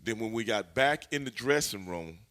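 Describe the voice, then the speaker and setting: A former pro wrestler, a man, spins backstage stories in a loose, profane interview style. His voice is bright and forward, and his pitch swings widely as he gets worked up and laughs through his telling. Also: normal speed. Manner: animated, profane, laughing storyteller. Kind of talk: casual storytelling interview.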